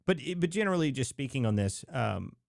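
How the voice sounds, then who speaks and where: A man's voice: mid-range voice, very animated, a little fast, creaky, darkish tone, no echo, clean studio sound. A man hosting a live political talk stream, rambling and emphatic, leaning hard on "like" as he opinionates. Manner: rambling, emphatic, heavy use of "like". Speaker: livestream political show host. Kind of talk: casual political commentary.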